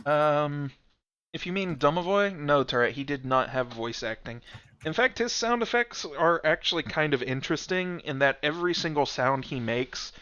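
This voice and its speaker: Bright-voiced man hosting a game stream. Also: a little high, expressive, normal speed, clean tone, lo-fi sound. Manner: chatty, explanatory, frequent fillers. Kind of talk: casual stream commentary.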